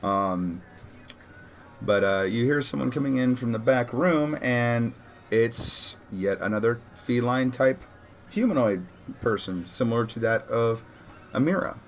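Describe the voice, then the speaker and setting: A male game master narrating a tabletop session in a loose, rambling way, full of ums and restarts. His voice sits in an ordinary middle pitch for a man. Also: lively intonation, a little slow, soft background music. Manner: casual, rambling, with many fillers.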